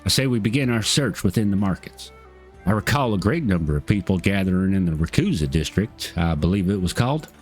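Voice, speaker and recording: A man's voice: deep voice, animated, fairly quick, soft background music. A man voicing an earnest young woman on a thief hunt, in a put-on Southern US twang with formal, old-fashioned phrasing, reading game dialogue aloud. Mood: resolute.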